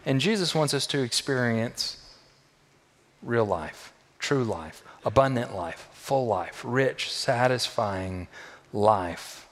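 A man's voice: mid-range voice, animated, slow. Emphatic preaching man in an echoing hall. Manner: emphatic preaching with repeated phrases and big swings in loudness. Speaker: pastor. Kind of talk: sermon. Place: church sanctuary. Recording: long echo of a large hall.

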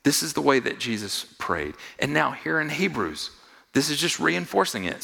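A man preaching a sermon to a congregation. He repeats phrases for emphasis, asks his listeners questions, and swings from quiet, low asides to loud, high-pitched exhortation. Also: big pitch swings, moderate pace, gravelly, breathy edge, long reverb tail. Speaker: pastor.

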